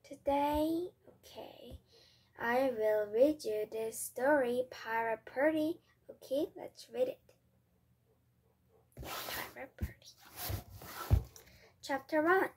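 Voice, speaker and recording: A woman's voice: high-pitched, darkish tone, slightly rough. A woman whose first language is Korean reading an English storybook aloud, carefully and with frequent restarts. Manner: slow, careful, with slips and restarts. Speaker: reader.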